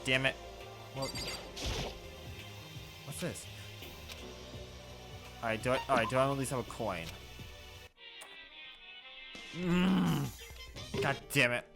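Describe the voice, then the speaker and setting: A man's voice: mid-range voice, animated, takes it slowly, creaky, long pauses, music in the background. A man streaming a video game with casual commentary, swearing in exasperated outbursts. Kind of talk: casual let's-play commentary.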